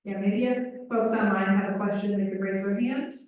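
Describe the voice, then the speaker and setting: A woman's voice: mid-range voice, fairly even intonation, brisk, a little mellow. Woman interpreter, echoey and distant. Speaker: sign language voice interpreter. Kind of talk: live panel interpreting. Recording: echoey room, far from mic.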